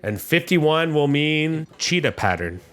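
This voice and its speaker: A man's voice: a little high, very animated, unhurried, a bit bright, faint music behind. A man narrating a tabletop game as game master in a playful way, laughing often.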